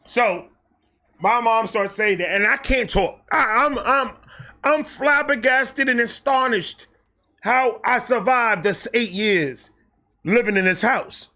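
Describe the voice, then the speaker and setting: A New York-accented man with a high, bright voice tells a wild storytime slowly, bursting with animated energy. The storyteller host swears freely, does voices, and repeatedly drops into low, muttered asides.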